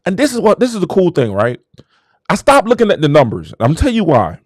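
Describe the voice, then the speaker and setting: A man with a high, lively voice that leaps up and down as he preaches to his listeners. He talks like a show host in a casual motivational monologue, exclamatory and hyping himself up, and the sound is dry and close. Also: fast talker, dry recording.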